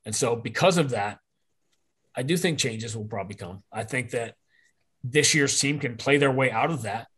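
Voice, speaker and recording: A man's voice: mid-range voice, moderate pace, a bit bright, husky. A man talking as a podcast guest, rambling and opinionated, often correcting himself mid-sentence. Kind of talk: casual podcast conversation.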